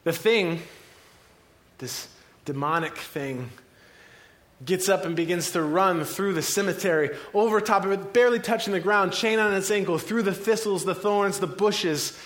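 A male preacher retelling a scripture story vividly, like a film scene, with dramatic pauses. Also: high-pitched.

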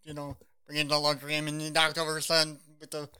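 A man's voice: on the high side, completely flat delivery, fast talker, pushed and bright, clean tone. A man co-hosting a podcast, chatting casually about songs, hesitant with many fillers and trailing words. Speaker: podcast co-host.

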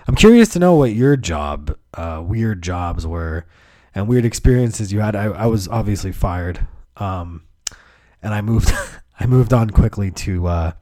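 A man's voice: fairly low pitch, expressive, a little slow, dark tone, no room sound, studio quality. A man hosting his own podcast, telling rambling, profane stories in a laid-back way. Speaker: podcast host. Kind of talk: casual comedic storytelling.

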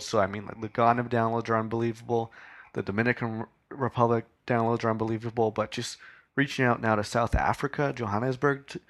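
A young man with a fairly low voice hosts a casual solo podcast. He rambles, swears freely and fills gaps with ums and uhs as he talks straight to his listeners. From Canada. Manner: rambling, profane, with frequent fillers; shaken and hushed. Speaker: podcast host.

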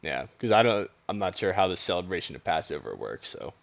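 A man's voice: low voice, sing-song, a little fast, creaky, fairly bright tone. A man co-hosting a casual movie chat, asking questions and chuckling between remarks. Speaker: podcast co-host.

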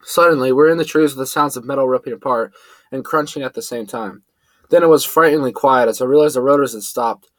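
A man's voice: quick pace, no echo, low-quality recording. Man reading an adventure story aloud. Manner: lively, shifts pitch up for quoted characters. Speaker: narrator. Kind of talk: first-person story reading with character voices.

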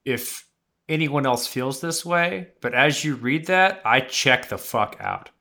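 A man's voice: medium pitch, slow, bright, forceful tone. A man co-hosting a podcast in casual chat, blunt and sarcastic, swearing freely. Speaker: podcast co-host.

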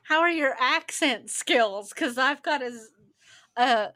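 A woman co-hosting a casual podcast and chatting in a relaxed way. Her voice sits high with a bright tone, and she makes dry, wry remarks and swears casually. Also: takes it slowly, no echo. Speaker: podcast co-host. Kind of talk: casual chat.

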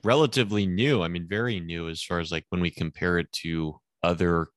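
Deep-voiced interviewer, dry sound. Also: male voice, fairly even intonation, fairly quick, dry recording. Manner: loose, hedging with fillers. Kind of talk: casual interview questions.

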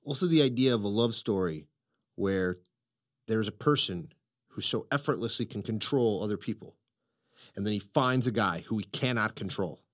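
A man hosting a casual podcast chat, excitable and profane, telling stories with lots of energy. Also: on the low side, normal speed. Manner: excitable, profane, animated storytelling. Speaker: podcast host.

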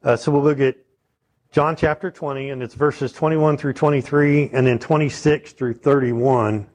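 A man's voice: mid-range voice, steady tone, moderate pace, darkish tone. A man preaching a sermon in a conversational teaching manner, often checking in with his listeners. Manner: conversational teaching, asks the audience questions.

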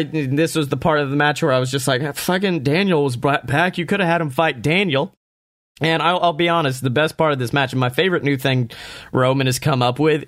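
A young man casually reviewing a wrestling show, excitable and profane, often acting out what the wrestlers say. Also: mid-range voice, no room sound, studio quality. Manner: profane, excitable, acts out quotes.

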